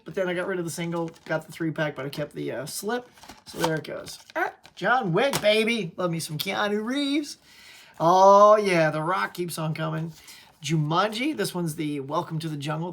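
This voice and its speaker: A man's voice: sits high, creaky, fairly bright tone. Man, channel host, casual upbeat show-and-tell at home, says "y'all" a lot. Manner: chatty, upbeat, peppered with "y'all".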